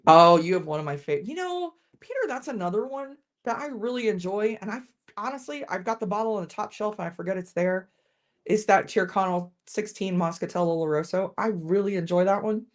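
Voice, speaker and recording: A woman's voice: medium pitch, lively intonation, fairly quick. A woman hosting a casual live-stream whiskey tasting, chatting with viewers and often restarting her sentences.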